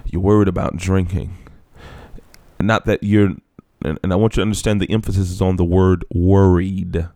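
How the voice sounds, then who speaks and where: A man's voice: level tone, warm tone, dry recording. Man preaching a sermon, dry close sound. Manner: reads scripture aloud, then explains it in plain talk; slows down and drops low for emphasis.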